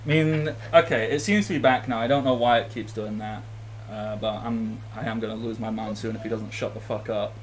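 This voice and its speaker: A man's voice: fairly low pitch, steady tone, a little fast, slight background noise. A man narrating as game master of a tabletop game, rambling with many fillers and restarts.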